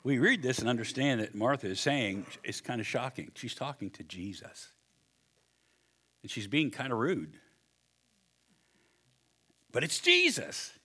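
A man preaching a sermon, animated and joking, acting out the people in his story. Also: mid-range voice, normal speed, husky. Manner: animated, acts out voices with humor. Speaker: pastor.

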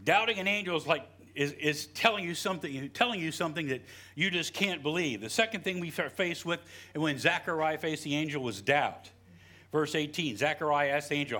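Bright-voiced folksy preacher man. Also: on the high side, animated, normal speed. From West Virginia. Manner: folksy, joking storyteller with frequent "you know". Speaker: pastor. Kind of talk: sermon.

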